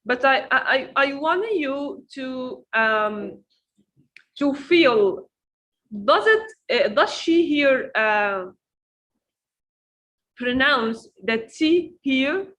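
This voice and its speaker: A woman with a high, bright voice teaches pronunciation in an online lesson. She speaks slowly. She says each word again and again so learners can copy it. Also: lively intonation, poor audio. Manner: slow, repeats words to drill them.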